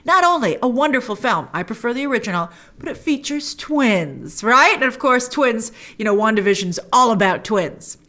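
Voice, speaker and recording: A woman hosting a show, recapping and reacting to a TV episode in casual chat, animated, slipping into quoted character voices. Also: a little high, normal speed, few pauses. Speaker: host reviewing a TV episode.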